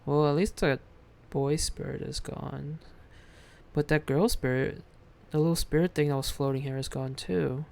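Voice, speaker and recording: A game streamer doing live gameplay commentary, reading the on-screen text aloud and thinking out loud. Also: mid-range voice, steady tone, moderate pace, creaky.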